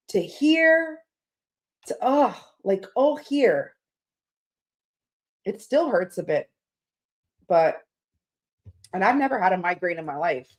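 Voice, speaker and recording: A woman hosting a tarot livestream, chatting casually with viewers in a rambling, candid way, swearing now and then. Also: mid-range voice.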